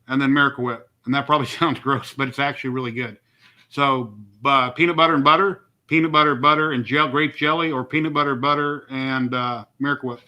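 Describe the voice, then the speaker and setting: A middle-aged man hosts a live stream from home, chatting casually and rambling on in an easygoing, talkative way. His voice sits on the high side, with a bright, forceful tone.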